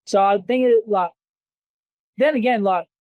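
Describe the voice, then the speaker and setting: A man's voice: high-pitched, measured pace, dry recording, phone-quality sound. Blunt, profane Australian man, dry sound. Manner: blunt, heavily profane, rambling. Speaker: interview guest, former fighter. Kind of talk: casual interview storytelling.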